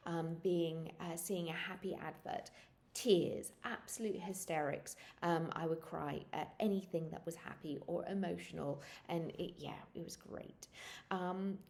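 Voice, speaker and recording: A woman in her thirties tells stories from her own life in a casual, animated way. Her voice sits a little low and has a gravelly, fry-laced edge. She laughs often and leaps into high squeals when she acts out what people said. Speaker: vlogger sharing pregnancy experiences. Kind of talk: casual storytelling.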